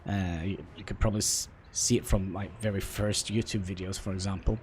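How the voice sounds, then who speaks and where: A man from Norway with a Norwegian accent, chatting with viewers while playing a game, halting and self-deprecating. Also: deep voice, steady tone, a little mellow, a little hiss or hum. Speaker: livestreamer. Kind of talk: casual gameplay livestream commentary. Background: faint background music.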